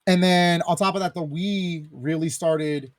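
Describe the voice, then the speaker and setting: A young man hosting a gaming podcast, talking in a casual, animated and jokey way. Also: on the high side, a little slow, no room sound. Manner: animated, jokey, playing a game while talking. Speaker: podcast host. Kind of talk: casual chat.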